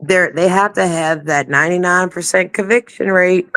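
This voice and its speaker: Dry-sounding podcast co-host, quick interjections. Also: medium pitch, steady tone, a bit bright, no echo. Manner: chiming in with short agreements and opinions. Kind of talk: casual chat.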